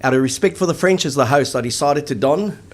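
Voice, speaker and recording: A man co-hosting a rugby show, chatting in lively, jokey banter. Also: a little high, fast, noisy background. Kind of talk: casual sports chat.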